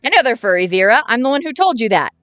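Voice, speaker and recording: A woman's voice: a little high, big pitch swings, fast, a bit bright, dry recording, soft background music. A woman voicing a dim, sweet jock monster boy who talks in an earnest, rambling, bro-ish way, in a dry recording.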